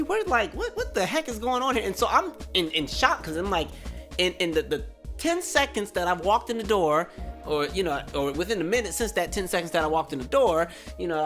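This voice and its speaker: A man in his twenties, a podcast host telling a story casually, acting out the people in it with a raised voice. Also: high-pitched. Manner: animated, acts out quotes with raised voice.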